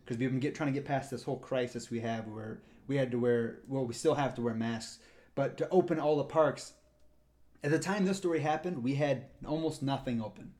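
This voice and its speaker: A man's voice: mid-range voice, brisk, a little mellow. A man co-hosting a casual podcast, telling a rambling anecdote about his work in a park and acting out the people in it. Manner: rambling, acts out voices in anecdotes. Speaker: park ranger and podcast co-host. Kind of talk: casual storytelling.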